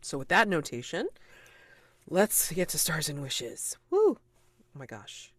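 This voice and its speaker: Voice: medium pitch, huge pitch swings, takes it slowly, a bit bright. A game master wrapping up a tabletop role-playing session, talking in a rambling, enthusiastic way with many fillers.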